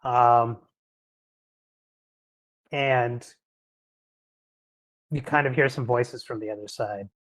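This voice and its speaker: Man, game master, tabletop role-play narration, lots of ums, laughs a lot, medium pitch. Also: a bit bright. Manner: laughs often, many ums, quick voice changes for characters.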